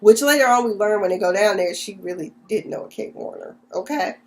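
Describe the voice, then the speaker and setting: A woman's voice: medium pitch, fairly quick, a little mellow. A woman giving a casual, slangy recap of a TV episode, full of sassy asides. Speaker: TV recap vlogger.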